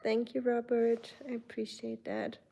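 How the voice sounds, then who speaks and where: A woman's voice: on the high side, completely flat delivery, measured pace, creaky. A young German woman with a German accent, casually chatting on her livestream and answering viewer comments. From Germany, Baden-Württemberg. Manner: chatty, warm greetings to viewers, many fillers. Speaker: livestream host. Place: home.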